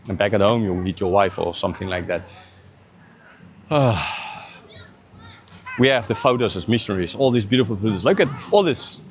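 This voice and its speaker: A man giving an earnest, conversational Bible teaching, often checking in with "right?" and "okay". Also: on the low side. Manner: earnest, conversational, drops into mocking imitations. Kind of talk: informal Bible teaching to camera.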